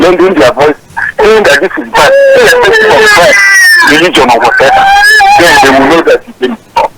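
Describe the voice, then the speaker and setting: A man's voice: high voice, gravelly, fairly bright tone. A man calling in by phone, speaking in an impassioned, pleading way. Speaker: caller. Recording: phone line over crowd noise.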